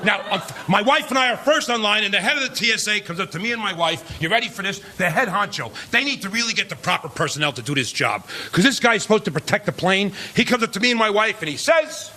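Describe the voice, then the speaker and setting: A man's voice: high voice, lively intonation, fast, sharp tone. A man doing a stand-up comedy set on a club stage, talking conversationally and checking in with the crowd, sometimes acting out people in put-on voices. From Irish-American, New Jersey area. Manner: acts out relatives and strangers in put-on voices. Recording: live club recording with crowd laughter and noise. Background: audience laughter and club noise.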